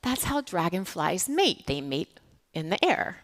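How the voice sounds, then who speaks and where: A woman's voice: fairly low pitch, big pitch swings, a little slow. An American woman from the United States giving a conference talk on stage, chatty and anecdotal, with plenty of fillers and restarts. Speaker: keynote speaker. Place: stage at a summit.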